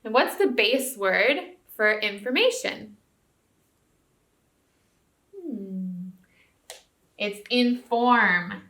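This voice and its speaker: Slow, bright-voiced woman teaching spelling. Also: medium pitch, very animated. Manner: slow, patient, encouraging, checks in with "okay?". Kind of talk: recorded spelling lesson for young students. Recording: roomy echo.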